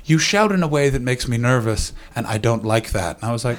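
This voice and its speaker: Brief: male comic, mid-pitched, swearing and bantering with the room. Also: animated, a little fast, few pauses. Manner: profane, rambling, riffs with the crowd. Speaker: stand-up comedian. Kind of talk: stand-up comedy set. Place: live comedy venue.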